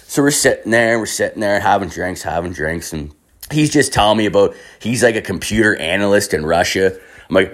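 A man's voice: sits low, fast. A man from Canada telling a wild party story in a casual, rambling way, swearing constantly and padding with "like". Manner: profane and rambling, heavy filler words.

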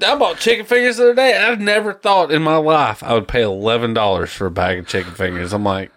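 A man in his thirties, co-hosting a podcast in casual, jokey chat that rambles. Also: quick pace. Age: 30s. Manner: rambling and jokey, lively pitch. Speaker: podcast co-host.

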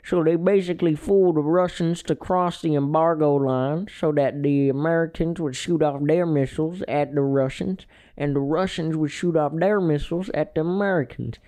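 A man's voice: a little high, fairly even intonation, moderate pace, mellow. A man with a Southern US accent, chatting on a podcast in a rambling, folksy, playfully boastful way. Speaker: podcast co-host. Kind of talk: casual podcast chat.

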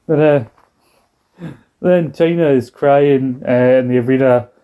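A man's voice: mid-range voice, a little slow, warm tone, smooth. A British man co-hosting a podcast in casual chat, rambling and acting out quoted lines in a raised put-on voice. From Britain. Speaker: podcast co-host.

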